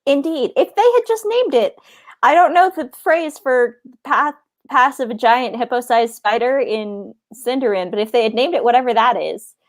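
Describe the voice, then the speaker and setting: A woman's voice: on the high side, moderate pace. A woman co-hosting a podcast in casual chat, joking and laughing often. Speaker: podcast co-host.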